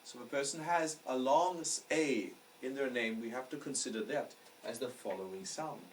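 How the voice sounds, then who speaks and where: Picked up on a distant mic over faint background noise, a man with a medium-pitched voice teaches astrology in a classroom lecture at normal speed. He's patient and explanatory, regularly making sure his students understand.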